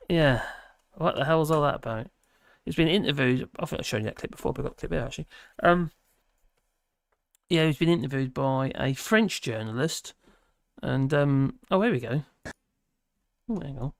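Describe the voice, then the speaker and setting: A man's voice: a little high, expressive, normal speed, fairly bright tone, clear, resonant tone, no echo, clean studio sound. A man hosting a casual livestream, reading viewer comments aloud and rambling with many fillers and restarts. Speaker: livestream host.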